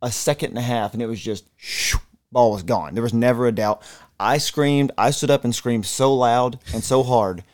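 A man co-hosting a casual sports podcast, telling excited, profane stories. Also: medium pitch, normal speed. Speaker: podcast co-host.

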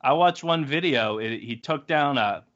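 A man's voice: mid-range voice, expressive, normal speed, fairly bright tone. A young man co-hosting a podcast, laid-back and casual, with lots of likes and ums. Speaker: podcast co-host. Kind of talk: casual chat. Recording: dull lo-fi podcast audio.

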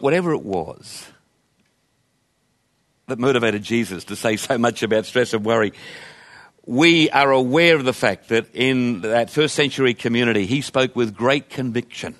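A man's voice: mid-range voice, fairly bright tone. A male pastor preaching a sermon in a conversational, emphatic way, asking his listeners rhetorical questions.

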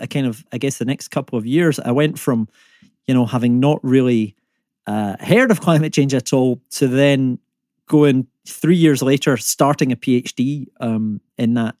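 A man's voice: mid-range voice, a little mellow, no echo, studio quality. A man in his thirties with a Scottish accent, a climate economist and comedian, chatting casually and self-deprecatingly as a podcast guest. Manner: chatty, self-deprecating, many fillers and restarts.

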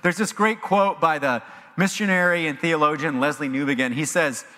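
A man preaching a sermon as pastor, animated and emphatic, in a church sanctuary with long reverb. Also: a little high, moderate pace. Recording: long reverb of a large hall.

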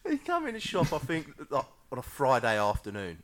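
A man's voice: mid-range voice, wildly swooping pitch, a little fast, fairly bright tone. A man, a tattoo artist telling stories in casual podcast chat. He swears freely and laughs between phrases.

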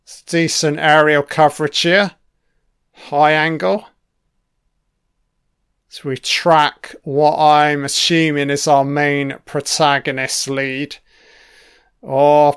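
A man talks his way through a film in a slow, drawn-out manner, swearing freely as he drops wry asides. His voice sits somewhat high for a man and comes through smooth and clean. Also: flat delivery, a bit bright. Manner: swears constantly, wry offhand remarks. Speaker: film commentator. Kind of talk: casual running film commentary.

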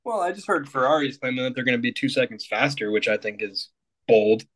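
A man's voice: mid-range voice, brisk, fairly bright tone. A young man co-hosting a casual motorsport podcast, easygoing and joking. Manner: easygoing, joking, laughs at own lines. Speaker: podcast co-host. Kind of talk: casual chat.

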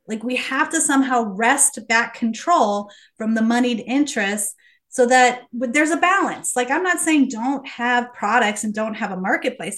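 A woman's voice: a little high, fairly bright tone. A woman speaking as a podcast guest, passionate and earnest, sometimes frustrated. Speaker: podcast guest, company founder. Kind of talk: casual conversation.

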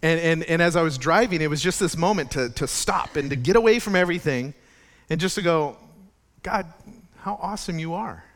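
Chatty male pastor with a bright voice. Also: fairly high pitch, expressive, brisk. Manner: conversational, chatty preaching with restarts. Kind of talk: sermon.

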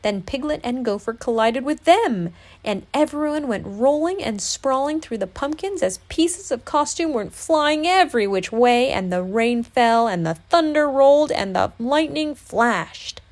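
Woman, mother, reading storybook aloud, expressive, slightly high voice, at home. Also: unhurried. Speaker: mother reading to her child.

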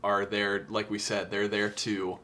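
A man with a lower voice co-hosts a casual music podcast. He talks earnestly and emotionally, reading lyrics aloud and lingering on how sad the song is. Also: little pitch movement, a little slow, sharp tone, a little hiss or hum. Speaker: podcast co-host. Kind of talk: casual music review chat.

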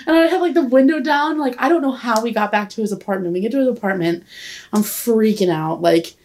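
In a brisk, fairly high voice with a darkish tone, a woman in her twenties spins a long story as a podcast guest. The chat is casual; she rambles, giggles, and uses "like" constantly.

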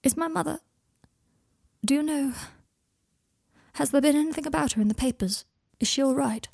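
Brief: woman reader as an emotional young wizard man, gravelly and dry. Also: on the high side, normal speed, darkish tone, dry recording. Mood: anxious.

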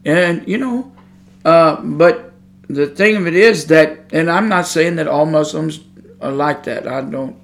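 A man's voice: fairly high pitch, unhurried, creaky. A man preaching an informal podcast sermon into a microphone, folksy and emphatic, swelling to fervent intensity. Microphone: studio microphone.

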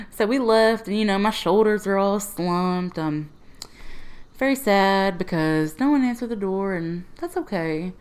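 A woman telling a personal story to camera in a casual, animated way, laughing often and acting out her own remarks. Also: lowish voice, smooth. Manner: animated, laughing often, quoting herself in lively asides. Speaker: refuge history project researcher.

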